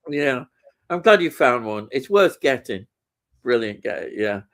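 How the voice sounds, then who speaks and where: A man's voice: medium pitch, big pitch swings, unhurried. A man co-hosting a casual live stream, reading out viewer comments with lots of ums and easy laughter.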